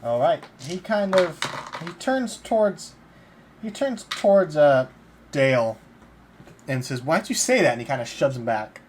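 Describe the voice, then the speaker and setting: A man narrating as game master in a tabletop game, calm and plain, slipping into short character lines. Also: on the high side, a little slow, a little hiss or hum.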